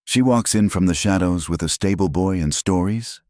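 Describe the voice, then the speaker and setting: Storybook villainess: scheming, haughty noblewoman, sneering, read by a male narrator in a higher voice. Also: normal speed, darkish tone, dry recording, studio quality, lightly acted. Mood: scornful. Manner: mocking, scornful.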